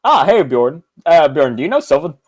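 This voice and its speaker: A woman's voice: low-pitched, sing-song, normal speed, darkish tone, pitched below the performer's own voice. A woman voicing a jovial party adventurer in a put-on mock Italian accent, theatrical and sing-song. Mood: jaunty.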